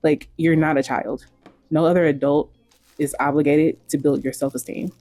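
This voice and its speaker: A woman host gives opinionated commentary in a mellow, dark-toned voice. She talks bluntly and frankly and swears casually. The recording sounds dry, with faint music underneath. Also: low voice, steady tone, normal speed, no room sound.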